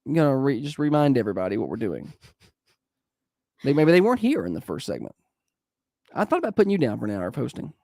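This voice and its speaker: A man's voice: medium pitch, very animated, fast talker, vocal fry, pauses often, mellow, no room sound. A nasal man hosting morning radio with a stuffy nose and the odd sniffle. He rambles through announcements in an upbeat, casual way, in a dry, close sound. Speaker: radio morning show host.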